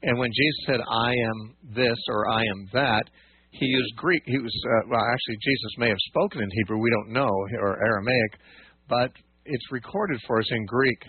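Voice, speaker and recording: Hosting a call-in radio show, a man with a mid-range, slightly breathy voice speaks at normal speed, patiently explaining scripture with frequent fillers and restarts. He is a radio Bible teacher and call-in host, and the audio is dry and phone-like with no room sound.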